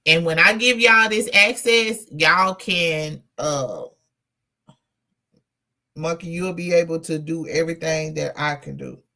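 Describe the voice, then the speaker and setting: This is a woman hosting a casual livestream who talks to her viewers like friends. Her delivery is blunt and loose, with plenty of swearing. The voice is gravelly, with a bright, forceful tone. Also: low voice, measured pace. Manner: blunt and profane, talks straight to chat. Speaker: livestream host.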